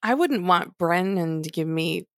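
A woman co-hosting a podcast, blunt and casual in her chat. Her voice sits very low with a gravelly fry. The recording is dry and close-miked. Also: expressive, unhurried, dry recording. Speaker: podcast co-host. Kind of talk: casual chat recapping a reality show.

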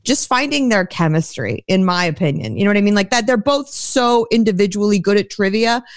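A woman co-hosting a show, giving her opinions in a relaxed, conversational way. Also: mid-range voice, brisk, no echo, clean studio sound. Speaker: show co-host. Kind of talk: casual panel chat.

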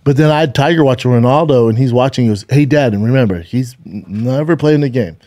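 A man in his forties co-hosting a casual podcast chat, telling a story in animated bursts and acting out the people in it with plenty of swearing. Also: medium pitch, fast, no echo, clean studio sound. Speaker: podcast co-host.

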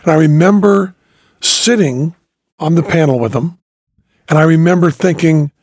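Husky-voiced man telling stage stories. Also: on the high side, normal speed, darkish tone, no echo, studio quality. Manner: storytelling, reflective, with many fillers and restarts. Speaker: podcast host. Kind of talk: casual conversation.

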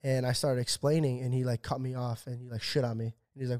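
A young man in his twenties talks fast and loose on a podcast mic, his voice sitting at an ordinary middle pitch. He tells his story with animated swearing and puts on the voices of the people he quotes. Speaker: podcast co-host. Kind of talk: casual podcast chat.

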